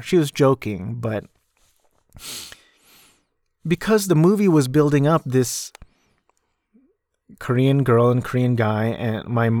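A man's voice: mid-range voice, slow pace, long pauses, a little mellow, no room sound, studio quality. A man hosting a podcast, casually recapping a film in a rambling, self-deprecating way, with frequent restarts. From United States. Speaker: podcast host.

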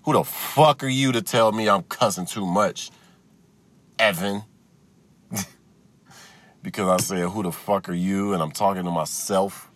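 Deep-voiced man ranting, swearing nonstop. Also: measured pace, pauses often, fairly bright tone. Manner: profane, ranting, swears constantly. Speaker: podcast host. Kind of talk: solo comedic podcast rant. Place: inside his own parked car. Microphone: phone.

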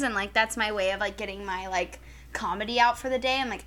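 Bright-voiced young woman podcast host. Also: mid-range voice, a little fast. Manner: animated, profane storytelling. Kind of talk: casual chat.

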